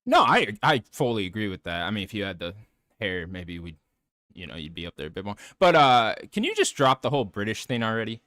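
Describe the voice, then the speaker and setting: A male podcast host chatting casually, his low voice rising and falling with animated swings. He teases his guest and breaks into laughter often. The sound is dry, with no room around it. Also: a little fast, dry recording. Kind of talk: casual chat.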